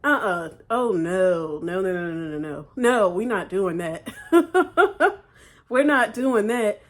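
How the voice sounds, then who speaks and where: A woman's voice: fairly low pitch, unhurried. A woman hosting a reaction video, giving casual, emphatic commentary. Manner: emphatic, chatty.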